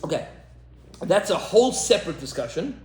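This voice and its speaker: A man's voice: high-pitched, big pitch swings, moderate pace, roomy sound. A man, a rabbi, talking emphatically in a podcast discussion, repeating lines for effect and mixing in Hebrew terms. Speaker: rabbi and teacher.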